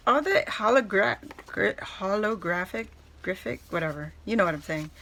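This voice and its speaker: A woman vlogger unboxing a craft haul in casual chat, gushing and excitable, laughing often. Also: medium pitch, normal speed.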